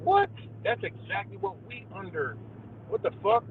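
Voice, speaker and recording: A young man rants on a live stream in a heated, profane, conspiratorial monologue, his voice sitting a little high. The sound is thin and phone-like, with a faint hum of a car behind him. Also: big pitch swings, moderate pace. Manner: profane, heated, conspiratorial, addresses viewers as guys. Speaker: livestream host. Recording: tinny phone-like audio with faint car noise.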